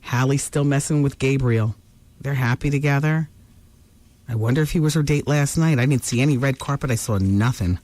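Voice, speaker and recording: A woman's voice: a bass voice, a little fast, a little mellow. A woman hosting a talk radio show, dishing celebrity gossip in a brassy, teasing manner.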